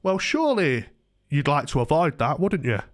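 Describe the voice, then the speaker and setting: A man's voice: on the high side, very animated, brisk, a bit bright. A man voicing a posh, cunning and patronising male landlord from London.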